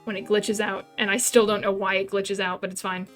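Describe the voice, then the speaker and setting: A woman's voice: medium pitch, flat delivery, fairly quick, fairly bright tone. Woman streamer, casual let's-play narration, chatty, laughing asides, faint music behind.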